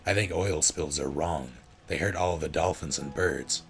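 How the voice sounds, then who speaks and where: A man's voice: a bass voice, measured pace, gravelly, faint music behind, heavily acted. A man voicing a blunt, macho male action hero who speaks in terse, broken phrases. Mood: gruff.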